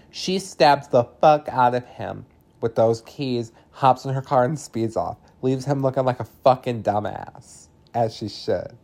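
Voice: mid-range voice, expressive, normal speed, darkish tone. A speaker casually recapping a film plot, chatty and sarcastic, peppering the story with "like" and swearing. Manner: chatty, swears freely, heavy use of "like"; sarcastic asides.

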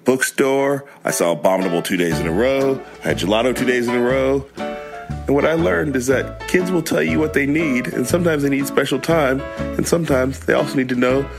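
A man's voice: mid-range voice, a little fast, gravelly, music in the background. A man telling a casual, reflective story about spending time with his kids.

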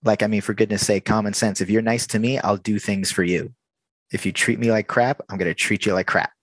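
Guy with a lowish voice telling a work story, acts out all the back and forth, dry close sound. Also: fairly quick, no room sound. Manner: animated, acts out the dialogue. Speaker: theme park worker telling a story. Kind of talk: casual storytelling.

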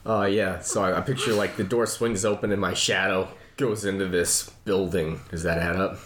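A man playing in a tabletop game, talking in a laid-back, animated way. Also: deep voice, moderate pace, echoey room, slight background noise. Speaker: player. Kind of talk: casual tabletop play.

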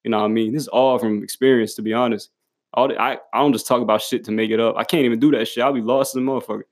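A man's voice: mid-range voice, fairly even intonation, rapid-fire. A young man giving a casual motivational monologue to the camera, blunt and full of swearing and slang, often laughing as he talks. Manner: profane, blunt street slang, emphatic; laughs often while talking.

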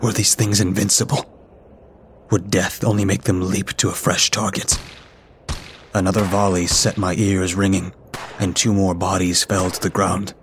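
A man reading a scripted horror story in a steady, measured way. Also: low-pitched, slight background noise. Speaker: story narrator.

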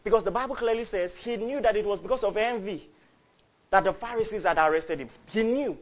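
A man's voice: high-pitched, a little fast. A man, preaching a fervent, storytelling sermon. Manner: fervent, builds to loud cries, storytelling.

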